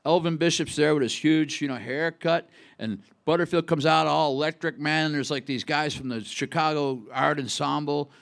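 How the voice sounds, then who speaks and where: A man's voice: fairly high pitch, moderate pace, creaky, hardly any pauses, fairly bright tone. A man in his sixties from Buffalo, a singer-songwriter telling a rambling, chatty story on stage at a live music club. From Buffalo, New York. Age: 60s. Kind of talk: onstage storytelling between songs.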